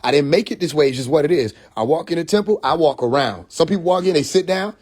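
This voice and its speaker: A man telling a story on a phone livestream, animated and profane, full of restarts and acted-out quotes. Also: fairly high pitch, quick pace. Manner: profane, confrontational. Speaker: livestream host. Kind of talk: casual livestream monologue. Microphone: phone mic.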